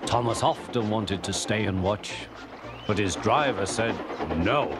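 A man from England with a Liverpool accent narrating a children's storybook in a lively manner, on old tape audio. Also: lowish voice, unhurried, over loud music.

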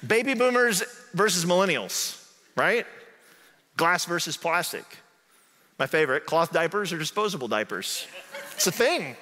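A man's voice: sits high, sing-song, normal speed, pauses often, bright, forceful tone. A male pastor from southern Indiana preaching a conversational sermon in a church, often asking "right?". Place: church sanctuary. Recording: echoey sanctuary hall.

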